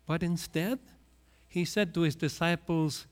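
A man preaching a sermon in a high-pitched voice that rises and falls widely. He speaks slowly, retelling stories and acting out the voices in them. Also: animated, a bit bright. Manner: storytelling, acts out quoted voices.

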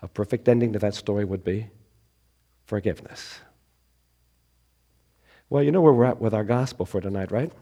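Male pastor, hoarse, slight laryngitis, warm mellow tone, conversational storytelling sermon. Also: on the low side, normal speed, long pauses. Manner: storytelling, conversational, rising emphasis on key points. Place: church during an evening service.

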